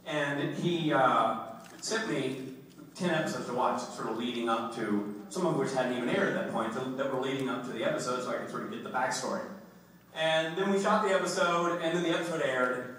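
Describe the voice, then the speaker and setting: A man's voice: medium pitch, fairly quick, fairly bright tone. A man answering fans' questions at a convention, rambling and self-deprecating, laughing as he talks. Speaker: convention panel guest. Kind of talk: casual fan Q&A. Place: large convention hall. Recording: echoey hall, far from the mic, noisy.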